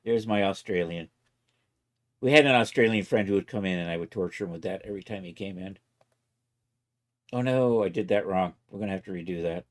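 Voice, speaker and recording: Guy with a lower voice chatting through his 3d software steps on stream, kinda joking at himself. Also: a little fast, long pauses. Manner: talks himself through each step, loose and self-mocking. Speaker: livestreaming 3D content creator. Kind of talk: casual live software walkthrough.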